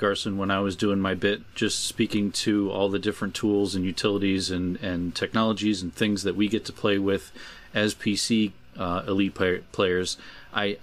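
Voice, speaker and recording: A man co-hosting a casual podcast, talking in a halting way with many restarts. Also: deep voice. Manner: halting, full of restarts and fillers. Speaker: podcast co-host.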